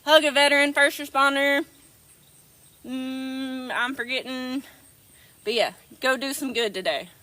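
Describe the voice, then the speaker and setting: A woman's voice: high-pitched, steady tone, unhurried, long pauses, bright, forceful tone, no echo. A woman hosting a casual livestream, affectionately greeting viewers as darling. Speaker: livestream host.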